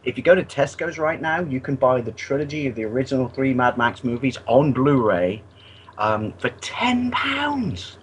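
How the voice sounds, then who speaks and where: Chatty British man, animated podcast talk. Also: medium pitch, moderate pace, slight background noise, low-quality recording. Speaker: podcast co-host. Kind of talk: casual chat.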